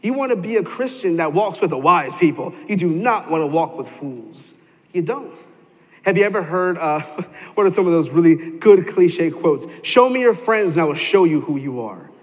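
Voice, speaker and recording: A young man delivers a sermon in a church sanctuary. His voice sits a bit high for a man, and he tells stories animatedly, slipping into the voices of the people he quotes. A long reverb trails each phrase through the hall. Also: lively intonation, normal speed. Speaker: pastor.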